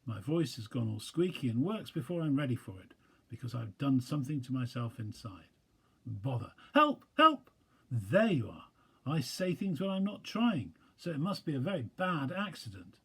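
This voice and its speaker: Pooh, a man doing a slow good-natured bear. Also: medium pitch, big pitch swings, a bit bright, husky, full character voice. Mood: puzzled. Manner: simple, ponderous.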